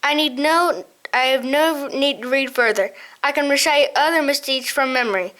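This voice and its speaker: A woman's voice: high voice, moderate pace, pushed and bright. A woman voicing a frail ancient male mouse who keeps records, muttering and doddering as he talks. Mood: grave.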